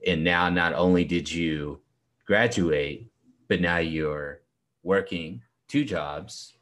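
A man with an extremely deep voice hosts the conversation and asks his guest questions. He talks in an affirming, encouraging way. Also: takes it slowly, a bit bright. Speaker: interviewer. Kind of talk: interview questions.

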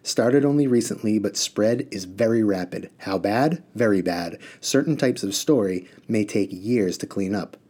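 A man voicing a curt, soft-spoken male plant creature in a storybook reading, speaking in short clipped phrases. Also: fairly low pitch, lively intonation, normal speed, hardly any pauses.

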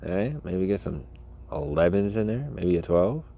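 A man's voice: deep voice, expressive, normal speed, gravelly, warm tone. A middle-aged man hosting a solo podcast, rambling in a crude, sarcastic way and laughing at his own jokes. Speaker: podcast host.

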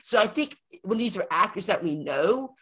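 A man's voice: sits high, lively intonation, normal speed, sharp tone, slightly rough. A man co-hosting a film podcast, chatting casually and rambling as he repeats words while he thinks. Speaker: podcast co-host. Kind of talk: casual film review chat.

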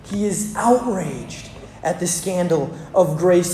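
Preacher with emphatic pauses. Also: mid-range voice, animated, warm tone, echoey room. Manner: dramatic pauses, emphatic repetition. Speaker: pastor. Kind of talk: sermon. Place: church.

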